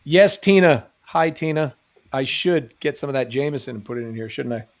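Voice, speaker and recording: A man's voice: medium pitch, lively intonation, moderate pace. A middle-aged man from New England hosting a live stream, reading chat questions aloud and rambling through jokey answers.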